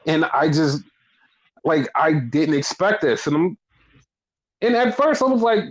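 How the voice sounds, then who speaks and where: A man's voice: sits high, expressive, moderate pace, rough recording. A man chatting casually on a wrestling podcast, rambling, swearing often and acting out his own reactions. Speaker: podcast co-host.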